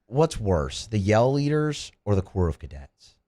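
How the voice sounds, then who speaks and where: A man hosting a sports radio show, joking and animated, with his voice swooping up now and then. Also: lowish voice, unhurried. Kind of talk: casual sports radio banter.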